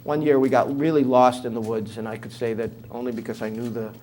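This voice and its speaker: An older man with a New York accent, in his seventies, talks through an interview with an easy, anecdotal humor and plenty of fillers. His voice sits at an ordinary middle pitch. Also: flat delivery, fast, darkish tone, slight background noise. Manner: humorous storyteller, conversational with fillers. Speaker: author and guest speaker.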